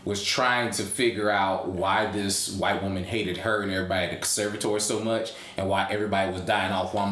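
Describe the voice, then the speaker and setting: A man casually reviewing a horror film, ranting with lots of profanity and getting loud and animated. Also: roomy sound. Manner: animated, profane, rants with rising pitch.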